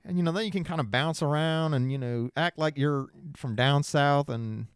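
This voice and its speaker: Young male podcast co-host, playful and lively, slightly high, dry close mic. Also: normal speed, clear, resonant tone, no echo. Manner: playful, breaks into joking character voices. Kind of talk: casual chat.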